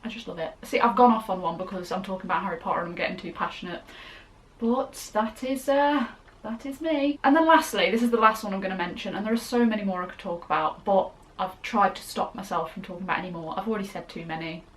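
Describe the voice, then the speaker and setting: A woman's voice: medium pitch, fast talker. A young woman answering fan questions in a casual vlog, chatty and gushing, rambling off on tangents. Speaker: YouTuber.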